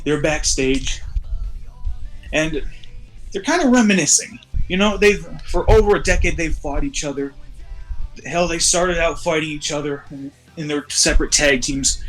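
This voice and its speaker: A man's voice: fairly high pitch, normal speed, a bit bright, soft background music, poor audio. A young man narrating a game casually, rambling and swearing, a bit tipsy. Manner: rambling, profane, jokey. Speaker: game streamer. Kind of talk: casual let's-play narration.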